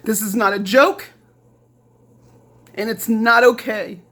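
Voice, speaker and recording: A middle-aged woman from Indiana delivering a heated, profane rant straight to the camera, repeating lines and mocking others in quoted voices. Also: fairly high pitch. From Lafayette, Indiana. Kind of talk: angry direct-to-camera rant.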